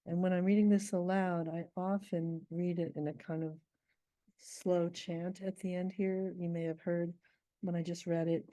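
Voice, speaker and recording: A middle-aged woman poet, reading her poem slowly and then explaining its meter in a thoughtful, measured way. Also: on the low side, level tone, warm tone, no echo.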